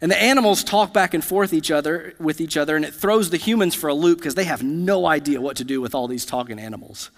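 Thirties male pastor, slightly high voice, chatty storytelling sermon, long church reverb. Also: fast, vocal fry, few pauses. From United States. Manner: conversational, storytelling with asides to the congregation. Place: church sanctuary.

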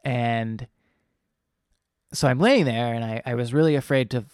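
A young man recounts a personal story in a loose, rambling way, full of fillers and restarts. His voice sits at an ordinary middle pitch. The recording is dry and close, with no room sound. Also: a little slow, a little mellow, clear, resonant tone, no echo. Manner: rambling and earnest, with many fillers.

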